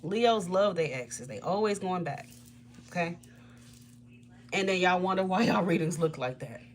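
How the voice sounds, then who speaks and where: A woman tarot reader chatting casually on a livestream, blunt and swearing freely, with frequent laughter and sudden high jumps in her voice. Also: lively intonation, moderate pace, slight background noise.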